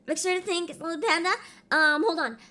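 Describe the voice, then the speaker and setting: A woman streamer chatting casually on a livestream, bubbly and sing-song as she reads out names, her voice rough because she is sick. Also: very high-pitched, fairly even intonation, fairly quick, heavy background noise. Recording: faint background music.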